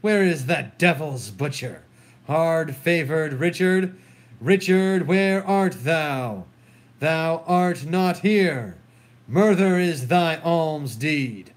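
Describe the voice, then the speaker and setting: Grieving raging queen read by a guy, verse, slow and kinda high. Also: animated. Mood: bitter. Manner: declaiming verse, anguished. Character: grieving furious queen, a woman. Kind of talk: solo dramatic reading of a play.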